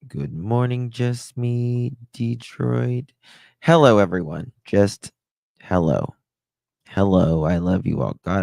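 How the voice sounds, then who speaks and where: A man chats casually on a livestream, greeting viewers by name and speaking frankly, now and then with a curse. His low voice is gravelly yet smooth, and he takes his time. The sound is dry and close. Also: takes it slowly, darkish tone, no echo. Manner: greets chatters one by one, candid and profane. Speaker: livestream host. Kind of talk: casual live-stream chat.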